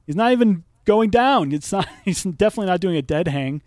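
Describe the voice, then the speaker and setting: A man's voice: high voice, expressive, brisk, a little mellow, no echo. A man co-hosting a podcast, chatting bluntly and swearing often while he laughs. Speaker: podcast co-host. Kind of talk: casual crude podcast chat.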